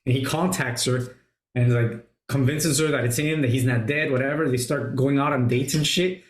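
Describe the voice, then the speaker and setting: Excitable swearing man in a roomy room. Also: mid-range voice, moderate pace. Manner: swears a lot, retells scenes excitedly. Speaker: podcast host. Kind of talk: casual movie review chat. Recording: roomy echo.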